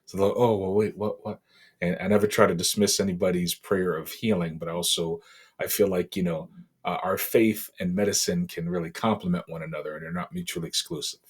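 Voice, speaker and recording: A middle-aged man from Boston, a podcast guest, telling a painful personal story in a halting, emotional way with many fillers. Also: sits low, slightly rough. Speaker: interview guest.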